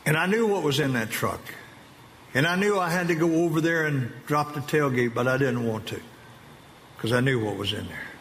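A man's voice: medium pitch, lively intonation, fairly bright tone. Earnest man testifying in a reverberant hall. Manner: earnest, halting, with slow emphatic phrases. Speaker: speaker giving a personal testimony to an audience. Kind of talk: emotional testimony speech. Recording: long reverb of a large hall with faint ambient noise.

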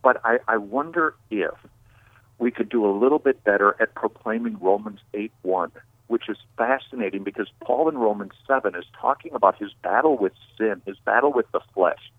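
A man's voice: on the low side, normal speed, no room sound. A man calling in as a guest, talking in an emphatic, preaching way that builds to bold declarations. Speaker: call-in guest. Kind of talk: phone-in discussion, preaching. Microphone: phone. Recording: tinny phone line.

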